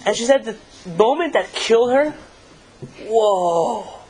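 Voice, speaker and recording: A man's voice: high-pitched, expressive, slow pace, darkish tone, a little hiss or hum, rough recording. A man, a rabbi, giving a live talk and telling stories in a conversational way, asking his audience questions.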